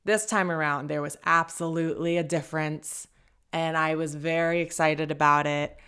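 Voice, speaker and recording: Chatty woman with a low voice. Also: steady tone, moderate pace, a bit bright, smooth. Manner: chatty, hedging, laughs often. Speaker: podcast host. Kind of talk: casual commentary.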